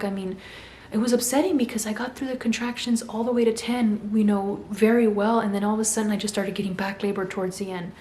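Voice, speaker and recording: Young woman, casual vlog storytelling, flat delivery, roomy echo, faint background hum. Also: mid-range voice. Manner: animated, acts out quoted voices. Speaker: vlogger. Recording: echoey room with faint hum.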